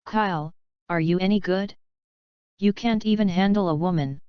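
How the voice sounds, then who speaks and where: A woman reading the lines of a huge, boisterous male pirate who fights with an axe, loud and teasing. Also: fairly low pitch, normal speed, clear, resonant tone, no room sound, lightly acted. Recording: dry, slightly dull lo-fi sound.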